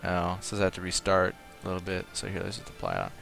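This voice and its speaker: A man's voice: sits low, very animated, fast, vocal fry, a bit bright, faint music behind. A man streaming a game live, chatting casually, thinking aloud and reading out viewers' comments. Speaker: livestream gamer.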